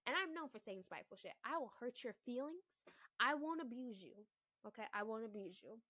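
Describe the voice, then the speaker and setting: A young woman in her twenties, a mother, ranting bluntly to the camera about relationships with heavy swearing and loud emphatic bursts. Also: fairly high pitch, expressive, brisk, no echo. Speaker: mother and vlogger.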